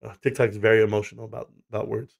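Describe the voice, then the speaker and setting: A man's voice: on the low side, flat delivery, racing, gravelly, highs cut off. A man hosting a casual livestream chat, rambling, swearing and laughing through stories, from the United States. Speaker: livestream host.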